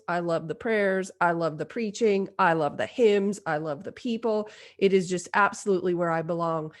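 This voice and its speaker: Candid self-mocking woman podcaster. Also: fairly low pitch. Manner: self-deprecating, confessional, lively retelling. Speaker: podcast host. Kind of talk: candid personal storytelling.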